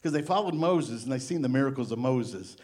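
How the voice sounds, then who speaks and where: A middle-aged male pastor giving a sermon, animated and playful, acting out little voices as he preaches. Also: mid-range voice, fairly quick.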